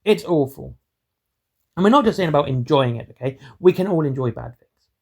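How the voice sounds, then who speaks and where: A man hosts his own channel and talks straight to camera. His voice sits a little high for a man. He delivers it all in a self-described monotone and wanders from point to point. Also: quick pace, creaky, breathy edge. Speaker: hobby channel host. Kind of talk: rambling solo commentary.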